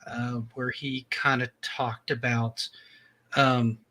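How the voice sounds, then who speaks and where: A man's voice: medium pitch, level tone, takes it slowly, sharp tone. A man hosting a casual live-stream chat, friendly and chatty, laughing often. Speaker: podcast host.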